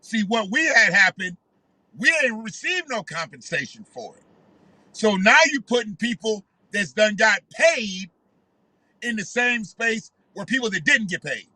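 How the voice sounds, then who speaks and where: A man's voice: high voice, expressive, unhurried, bright, forceful tone, dry recording, rough recording. A man giving heated, profane commentary in a ranting, conversational way.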